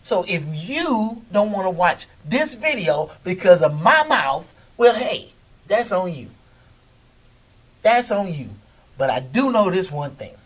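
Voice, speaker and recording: Recorded from a distance, this man's husky, high-sitting voice moves at a slow pace. He hosts his own video show, speaking casually to camera, cursing often and laughing while he talks back to critics.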